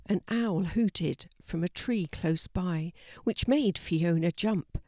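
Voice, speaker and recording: Older woman, storyteller, gentle, slightly low voice, dry close sound. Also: no room sound. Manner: slow, gentle storybook reading. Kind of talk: children's story reading.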